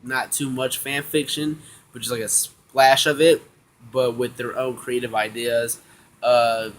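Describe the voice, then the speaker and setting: A man casually recapping an anime episode, slangy and excitable, acting out the characters' lines in quick bits. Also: medium pitch. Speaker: anime review vlogger.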